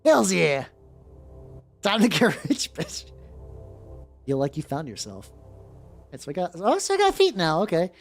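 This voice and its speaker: A streamer playing a video game, reacting aloud with swearing and reading the game's text out loud. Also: mid-range voice, huge pitch swings, measured pace, gravelly, pauses often. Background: faint background music.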